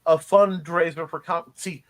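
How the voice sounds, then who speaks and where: A man's voice: fairly high pitch, fairly even intonation, unhurried. A man hosting a live-streamed show, chatting casually and enthusiastically, rambling with frequent restarts and laughter.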